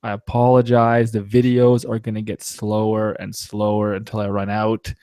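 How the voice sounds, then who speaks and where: A man's voice: on the low side, monotone, normal speed, dark tone, clear, resonant tone, no echo. A man hosting a casual live-stream chat, joking around, laughing often and reading out viewer comments.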